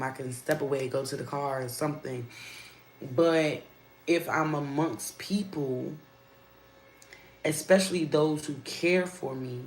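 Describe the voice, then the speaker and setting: Low-voiced woman talking slow and open to her viewers, echoey room, bit of hum behind. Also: darkish tone. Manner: candid, conversational, addresses viewers as y'all. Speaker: live-stream host. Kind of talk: casual chat. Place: at her workplace.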